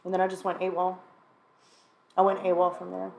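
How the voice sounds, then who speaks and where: A woman's voice: on the low side, monotone, fairly quick, narrow, tinny audio, a little hiss or hum. Frank woman talking openly about her past. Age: adult, mother of a child. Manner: frank, open, laughs and clears throat often. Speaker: sister sharing her recovery story. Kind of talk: candid conversation about addiction.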